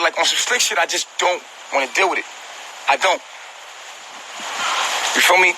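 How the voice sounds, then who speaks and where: A man's voice: on the high side, moderate pace, pauses often, noisy background. A man venting at home on a phone livestream, upset and hurt, talking straight to his viewers with repetition and swearing. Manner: agitated, repetitive, profane, talks directly to viewers. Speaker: vlogger on a live stream. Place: at home, indoors.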